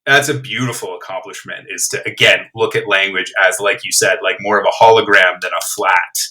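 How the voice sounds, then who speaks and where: A man's voice: sits low, steady tone, brisk, pushed and bright, poor audio. A man guesting on a podcast, thinking aloud about language in an enthusiastic, reflective way. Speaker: guest, playwright. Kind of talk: casual podcast discussion.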